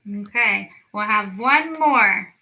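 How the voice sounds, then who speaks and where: A woman leading a children's storytime lesson, speaking slowly and clearly with encouraging teacher talk. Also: medium pitch, expressive, pushed and bright, rough recording. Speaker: speech clinic storyteller.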